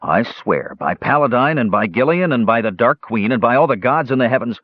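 A man's voice: medium pitch, animated, brisk, no room sound, natural voice. A man voicing a strong, devout young warrior who speaks solemnly, in an audiobook reading. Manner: solemn, vowing. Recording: dull lo-fi recording.

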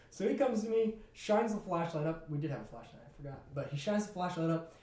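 A young man casually telling a story in a lively way, acting out what people said. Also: high-pitched, fast. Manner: animated, laughing, acts out quotes. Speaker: podcast co-host telling a story. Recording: echoey room.

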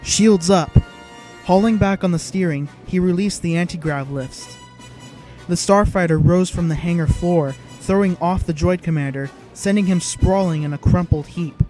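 A man's voice: sits high, moderate pace, warm tone, soft background music. A man giving dramatic, vivid scripted narration of an audiobook.

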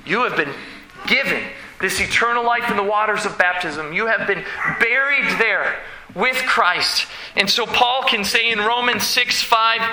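Slow, bright-voiced preaching man. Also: high voice, roomy sound, slight background noise, poor audio. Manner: slow, emphatic preaching with dramatic pauses. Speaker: pastor. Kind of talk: sermon.

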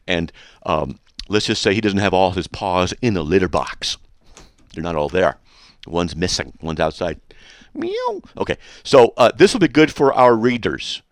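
Give me a sarcastic male radio host with a low, dry-sounding voice, mocking a letter with rambling, deadpan asides. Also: brisk, no room sound. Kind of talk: reading and mocking a hostile letter on air.

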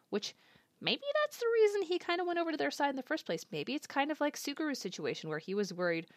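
A woman's voice: high voice, big pitch swings, fast, no echo. A woman giving casual reaction commentary on an anime episode, thinking aloud and guessing what comes next. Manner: chatty, speculative, thinking aloud.

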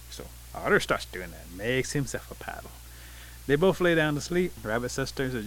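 Male storyteller, bright, forceful voice; relaxed oral telling of a folk tale. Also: mid-range voice, a little fast, a little hiss or hum, rough recording. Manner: relaxed, vivid scene-setting.

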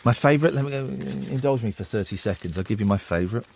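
A male radio host with a croaky voice, talking casually in a rambling, sardonic, ranting way into a studio microphone. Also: mid-range voice, fast talker, a little mellow, a little hiss or hum. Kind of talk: casual late-night radio talk.

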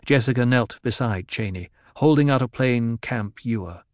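A man narrating a novel in a measured, even storytelling voice. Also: mid-range voice, no room sound, clean studio sound. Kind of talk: audiobook narration.

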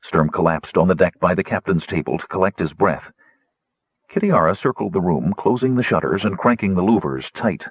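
A man narrating an adventure novel aloud in an animated storytelling manner. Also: sits low, normal speed, breathy edge, dry recording, muffled recording. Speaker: audiobook narrator. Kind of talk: scripted fantasy narration.

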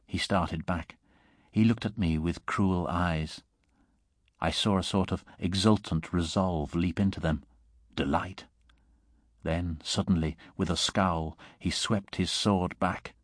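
Deep-voiced man reading a story aloud. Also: no echo, clean studio sound. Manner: measured, steady storytelling delivery. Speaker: reader. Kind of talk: scripted narration of a short story.

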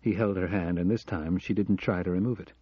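A man narrating a novel in a measured, steady way, close to the mic, on a dull recording. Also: low-pitched, breathy edge, no echo. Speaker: audiobook narrator. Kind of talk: scripted narration.

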